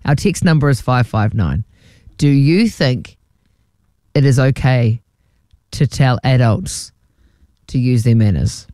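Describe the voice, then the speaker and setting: A woman's voice: very deep voice, animated, takes it slowly, long pauses, warm tone, no echo, clean studio sound. Chatty New radio woman. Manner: chatty, self-deprecating, giggly. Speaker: radio host. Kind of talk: breakfast radio banter. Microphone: studio mic.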